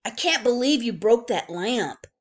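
A woman voicing a blunt older brother bunny in a loud, scolding tone. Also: fairly high pitch, lively intonation, a little slow.

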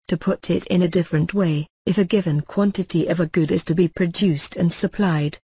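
A man reading economics lecture notes aloud as a lecturer, in a measured, formal textbook delivery. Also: high-pitched, a little mellow, breathy edge, no echo.

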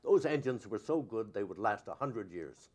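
A man's voice: lowish voice, lively intonation, moderate pace, a little mellow, breathy edge. An older man, an actor being interviewed, answering in a rambling, anecdotal way.

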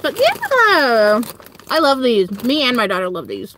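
A young woman with a Southern US accent chatting casually to viewers on a livestream from home, giggling and breaking into high squealing quotes. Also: huge pitch swings, measured pace, fairly bright tone, slight background noise. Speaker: livestream host.

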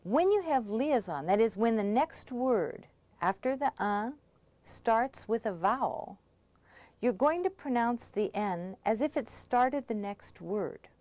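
A woman language instructor giving a scripted pronunciation lesson, explaining patiently and clearly and checking in often. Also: a little high, expressive, takes it slowly, darkish tone, no room sound.

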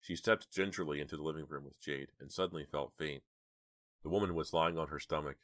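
A male narrator reads a horror audiobook in a steady, measured way. His voice is extremely deep, and the recording is dry and close. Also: dry recording.

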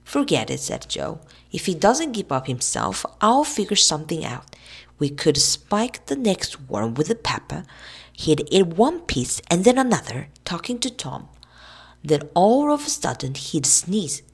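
A woman voicing a cautious boy who plots in a hushed voice. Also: fairly low pitch, huge pitch swings, measured pace, breathy edge, full character voice. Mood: scheming. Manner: hushed, plotting.

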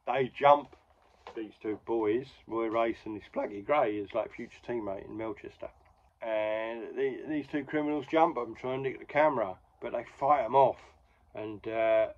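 A man's voice: medium pitch, dull audio. A man hosting a podcast, casually recapping an old comic in a rambling, chatty way with wry asides. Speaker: podcast host.

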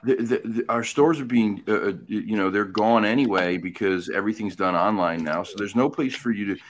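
A man's voice: fairly low pitch, a little fast, slight background noise. A man hosting a casual chat, easygoing, chiming in and agreeing with his guest. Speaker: host.

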